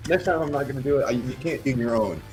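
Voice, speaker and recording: A man's voice: mid-range voice, quick pace, a little mellow, faint music behind. A man hosting a livestream in casual chat, swearing freely, joking, and stumbling over restarts. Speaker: livestream host.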